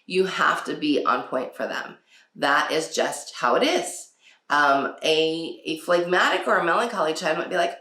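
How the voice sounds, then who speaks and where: A woman's voice: low voice, unhurried, bright, forceful tone. A woman hosting a casual parenting talk. She laughs often and acts out quotes from her children. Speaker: podcast host. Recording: echoey room.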